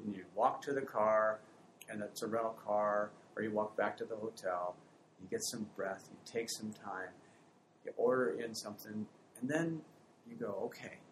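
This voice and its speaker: A man giving parenting advice in a conversation, telling stories with lively acted-out family voices. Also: lowish voice, moderate pace, slight background noise, poor audio. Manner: animated storytelling, acts out family voices.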